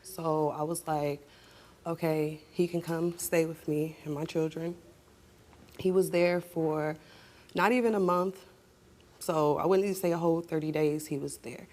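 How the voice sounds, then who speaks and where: A woman's voice: sits low, fairly even intonation, unhurried, a little mellow. A young adult woman on a talk show, recounting a painful family story in a blunt, heated way. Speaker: guest. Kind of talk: emotional talk show testimony.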